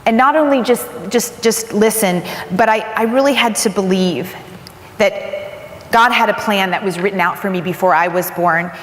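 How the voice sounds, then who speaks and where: A woman giving a motivational keynote speech, telling a personal story in an earnest, animated way. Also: medium pitch, moderate pace, roomy sound, big-room sound. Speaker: keynote speaker. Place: large conference hall.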